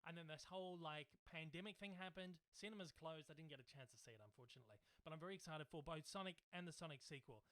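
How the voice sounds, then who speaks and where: A man's voice: fairly high pitch, quick pace, few pauses, fairly bright tone. A young man hosting a casual livestream Q&A from home, rambling and chatty with lots of fillers. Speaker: YouTube channel host. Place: home, in Melbourne.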